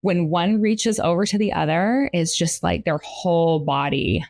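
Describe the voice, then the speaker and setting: A middle-aged woman, a family therapist, explaining ideas calmly in a relaxed interview, pausing now and then on soft fillers. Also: fairly low pitch, dry recording. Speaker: marriage and family therapist, guest. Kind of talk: casual interview talk.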